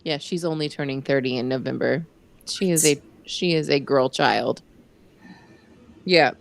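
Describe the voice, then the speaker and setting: A woman's voice: low voice, measured pace, vocal fry. A woman in her forties co-hosting a live podcast in casual chat, teasing and laughing often. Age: 40s. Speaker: podcast co-host.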